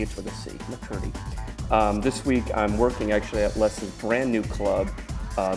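An excitable man rambles through a podcast intro in a deep-ish voice. Music plays clearly behind him, and he jokes as he goes. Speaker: podcast host and comedian. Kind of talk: casual podcast intro and chat.

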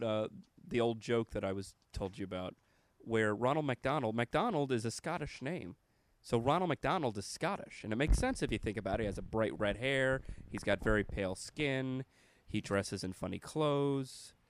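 A man's voice: medium pitch, no room sound, studio quality. A man, a comedian and podcast host, talking casually in a profane, rambling way. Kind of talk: casual chat.

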